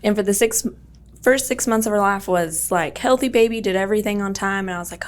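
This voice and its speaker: A woman's voice: mid-range voice, a little fast. A young woman, a podcast guest, telling a personal story in a chatty way with lots of fillers and quoted dialogue.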